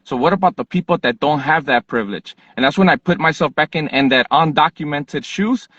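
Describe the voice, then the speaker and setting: A man's voice: a little high, fairly quick, dry recording. Man, podcast host, casual storytelling, swears freely, dry close sound, a bit muffled. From Southern California, USA. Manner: animated, profane, fired-up retelling.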